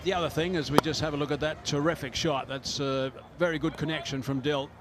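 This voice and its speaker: A man commentating live cricket in a relaxed, explanatory way, with frequent pauses and fillers. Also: a little high, over loud music.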